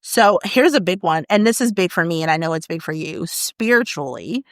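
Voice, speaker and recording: A woman co-hosting a podcast in casual chat, leading the talk through topics with lively, animated delivery and quick murmurs of agreement. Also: lowish voice, dry recording, studio quality. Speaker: podcast co-host.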